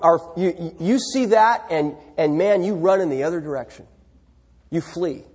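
Husky-voiced preacher in a reverberant hall. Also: male voice, high-pitched, a little mellow. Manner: conversational preaching, rhetorical questions to the congregation. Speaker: pastor. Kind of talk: sermon.

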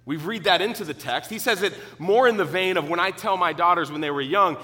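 A middle-aged man preaching a sermon, earnest and emphatic, teaching with pauses and restarts. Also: high voice, bright, forceful tone. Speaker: pastor.

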